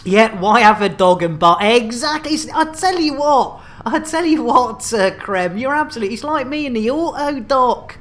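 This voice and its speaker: A man's voice: very high voice, moderate pace, hardly any pauses, a bit bright. A man streaming a space game, rambling and joking with repeated catchphrases. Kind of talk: live-stream commentary.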